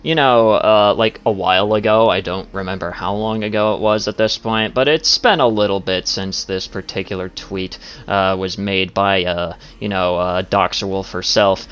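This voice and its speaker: A man's voice: low-pitched, steady tone, moderate pace, hardly any pauses, a bit bright, clear, resonant tone. A man ranting in a commentary video, swearing often and filling his talk with "like" and "you know.". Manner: profane, filler-heavy with many "like"s. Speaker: commentary YouTuber. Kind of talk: rambling commentary rant. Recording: dull lo-fi audio.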